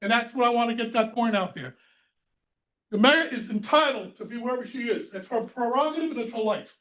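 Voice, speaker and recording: A man's voice: extremely high pitch, lively intonation, a little fast, a bit bright, rough recording. A man speaking at a town council meeting's public comment, blunt and folksy, repeating his points for emphasis.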